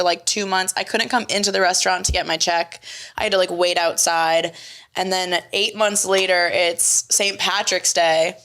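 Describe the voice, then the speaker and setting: Brash, bright-voiced young woman telling stories. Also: fairly low pitch. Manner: brash, profane storyteller who acts out quotes. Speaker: podcast co-host. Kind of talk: casual podcast chat.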